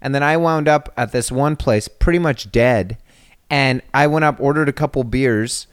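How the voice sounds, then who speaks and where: A man's voice: medium pitch, normal speed, smooth, no room sound, studio quality. Rambling man telling bar stories. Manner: rambling, self-interrupting anecdotes. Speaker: podcast co-host. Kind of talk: casual storytelling chat.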